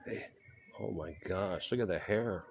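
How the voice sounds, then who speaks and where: A man's voice: low-pitched, a little slow, gravelly, a little hiss or hum. A man live-streaming as he walks, chatting casually with viewers and talking to the animals he meets, laughing often. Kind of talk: casual live-stream chat while walking. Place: small shop and street outdoors.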